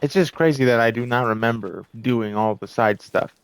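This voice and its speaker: A man's voice: mid-range voice, normal speed, clean tone, no echo. A man giving casual, self-mocking let's-play commentary, reacting to the game and swearing now and then. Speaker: gameplay commentator.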